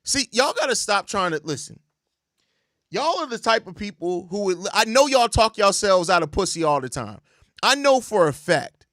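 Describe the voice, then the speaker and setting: A man's voice: high-pitched, big pitch swings, normal speed, fairly bright tone, dry recording, studio quality. A young man hosting a sports show, ranting in exasperated, profane casual commentary and repeating himself. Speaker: sports podcast host.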